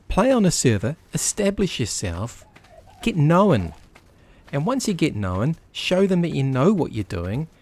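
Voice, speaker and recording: A man's voice: mid-range voice, darkish tone. A man giving blunt, chatty commentary over his gameplay, with the odd swear word. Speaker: gaming YouTuber. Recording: background game music.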